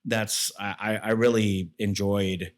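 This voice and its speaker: A man's voice: fairly low pitch, little pitch movement, slow. A man talking as an interview guest, a military veteran telling stories in a rambling way with many fillers and restarts. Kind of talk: casual storytelling.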